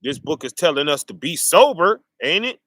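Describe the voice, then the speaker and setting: A man's voice: fairly high pitch, sing-song, moderate pace, sharp tone, dry recording. A man, preaching informally and firing off rhetorical questions to his listeners.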